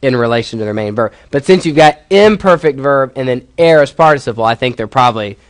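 A man's voice: medium pitch, animated, fast talker, dry recording. A male professor giving a classroom lecture, explaining step by step and putting questions to his students.

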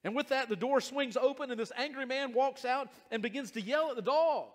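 An earnest male pastor preaching in a high, light voice that often restarts phrases and stretches key words. His voice rings with the long reverb of a church hall. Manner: earnest, repeats and restarts phrases, slows for emphasis. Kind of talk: sermon. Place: church sanctuary.

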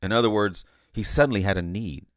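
A man with a lowish voice preaches briskly in a studio-quality recording with no echo. Recounting a vision in an informal, conversational sermon, he keeps restarting, repeating himself and dropping "you know."

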